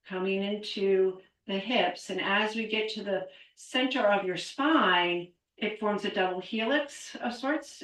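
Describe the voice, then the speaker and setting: A middle-aged woman leads a qigong exercise class, counting reps and calling out cues as she moves along with it. She sounds a little out of breath, and her mid-pitched voice reaches the mic from some distance away. The room around her is echoey. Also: fairly bright tone. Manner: counts aloud and cues movements. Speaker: qigong instructor.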